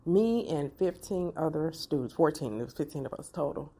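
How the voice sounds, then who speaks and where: A middle-aged woman, telling a personal story to her viewers in an animated, expressive way. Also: low voice, normal speed, vocal fry, few pauses, husky. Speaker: vlogger.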